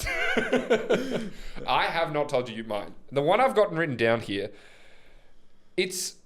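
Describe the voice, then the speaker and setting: A man's voice: on the high side, huge pitch swings, slow, background noise. A young man co-hosting a podcast, teasing his partner with dry quips. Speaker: podcast co-host. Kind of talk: casual banter.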